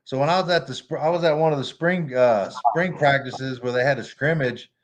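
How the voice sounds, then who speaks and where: A man casually telling a long, rambling sports-fan story on a podcast in a relaxed, easygoing way. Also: mid-range voice, brisk. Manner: laid-back, rambling, lots of "you know what I mean". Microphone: remote call mic.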